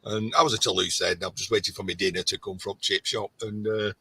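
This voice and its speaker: Irish man, sixties, rambling storyteller; bright, husky, dry close recording. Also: lowish voice, fairly even intonation, fast, rough recording. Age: 60s. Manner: rambling, stop-start storytelling. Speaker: scrapper on a live chat. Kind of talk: casual chat.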